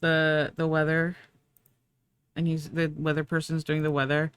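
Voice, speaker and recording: A woman's voice: low-pitched, monotone, a little slow, smooth, no echo. A young woman streaming live, chatting casually with viewers while she draws, sleepy and yawning. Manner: chatty, bubbly, talks to chat and herself.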